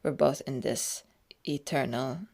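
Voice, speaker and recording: A woman rambles casually over her own video, giggling often and shifting between loud, excited bursts and quiet, murmured asides. Her voice is bass-deep, a little slow, and creaky.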